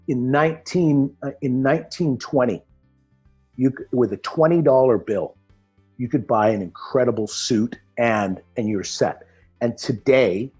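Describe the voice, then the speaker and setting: A man's voice: mid-range voice, a little mellow, breathy edge. A man explaining things in a casual chat, telling anecdotes with many restarts. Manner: storytelling, acts out quoted characters, frequent restarts. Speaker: guest explaining Bitcoin mining. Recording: dull lo-fi audio with faint music.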